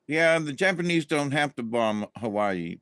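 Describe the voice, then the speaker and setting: A man's voice: mid-range voice, lively intonation, unhurried, a bit bright, clean tone, dry recording. A middle-aged man from Florida, hosting a casual, meandering monologue full of fillers and restarts. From Florida, USA. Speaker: channel host.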